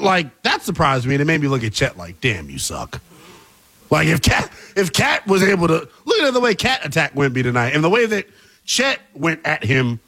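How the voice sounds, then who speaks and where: A man co-hosting a sports talk show, animated and opinionated with a playful, teasing manner. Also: fairly high pitch.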